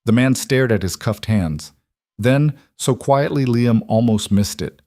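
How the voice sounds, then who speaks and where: A man narrating a scripted thriller story in an even, dramatic way. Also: mid-range voice, measured pace, dry recording.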